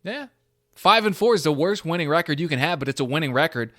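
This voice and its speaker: Young guy doing a solo sports podcast, kinda high voice, animated, thinking out loud, jokes about himself. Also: quick pace. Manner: animated, self-deprecating, thinking aloud with restarts. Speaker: podcast host.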